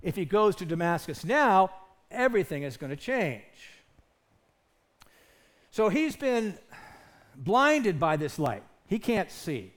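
A man's voice: high voice, sing-song, slow, pauses often. A man preaching a sermon as pastor, earnest and emphatic, asking his listeners rhetorical questions.

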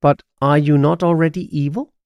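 A man's voice: on the high side, steady tone, moderate pace, darkish tone, no room sound, studio quality, close to an everyday voice. A man voicing a cautious male pet magpie in a storybook reading, always warning and fussing. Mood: doubtful. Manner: warning and fussy.

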